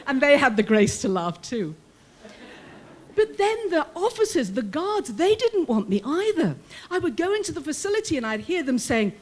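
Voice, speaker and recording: A middle-aged woman with a British accent tells a personal story from her time as a prison chaplain. Her voice sits high and swings widely in pitch as she plays out the people she quotes. Her delivery is warm and humorous, paced for a live audience. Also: sing-song, moderate pace. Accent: British English. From Britain.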